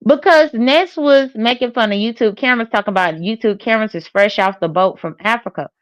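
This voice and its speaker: A woman's voice: fairly high pitch, fairly quick, no echo. Hesitant woman rambling in casual talk. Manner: rambling, hesitant, with many fillers. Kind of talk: casual commentary chat.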